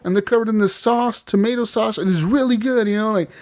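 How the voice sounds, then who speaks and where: A man's voice: sits high, quick pace, a little mellow, pitched above the performer's own voice. A man putting on the voice of an eager little boy explaining a new food on a podcast.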